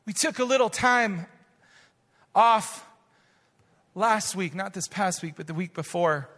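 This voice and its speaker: A man pastor preaching a sermon, reading scripture slowly and with weight, rising to impassioned shouts and dropping back to a softer tone. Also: high-pitched, lively intonation. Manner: impassioned preaching, swells to shouts then drops soft; drawn-out emphatic reading of scripture. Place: church sanctuary. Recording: long reverb of a large hall.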